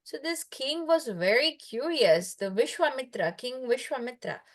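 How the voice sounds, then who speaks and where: A woman's voice: high voice, lively intonation, moderate pace. Chatty woman telling a story over a call. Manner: chatty, many fillers, quizzes the listener. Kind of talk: casual storytelling to a child.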